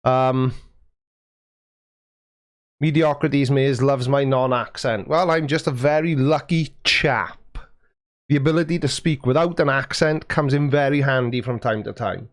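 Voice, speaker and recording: A man's voice: medium pitch, unhurried, no echo, studio quality. A man hosting a casual livestream, chatting and joking with viewers while he fiddles with his settings into a mic with a foam windscreen. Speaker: livestream host. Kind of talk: casual livestream chat reading viewer messages. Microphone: studio mic with a foam windscreen.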